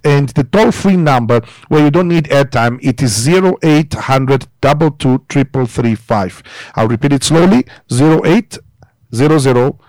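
A man's voice: fairly high pitch, a little mellow, dry recording. A man hosting a church radio program from a studio as pastor, speaking earnestly and pleading with listeners, sometimes stumbling and correcting himself. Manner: earnest, pleading, occasional slips and self-corrections. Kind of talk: radio ministry broadcast.

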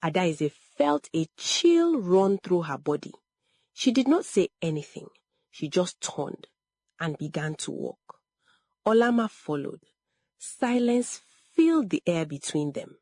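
A woman tells a story slowly and with care, her voice a little husky. Her pitch moves a lot, rising and falling through each line. The sound is close and dry. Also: sing-song, a little mellow, no echo. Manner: slow, measured, pausing between phrases. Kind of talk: dramatic story narration.

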